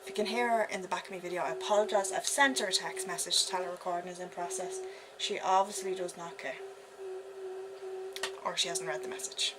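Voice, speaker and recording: A woman's voice: mid-range voice, lively intonation, a little fast, very noisy. Giddy Irish woman chatting through makeup. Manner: giddy, chatty, talks to herself. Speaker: beauty vlogger. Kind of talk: casual makeup tutorial chat.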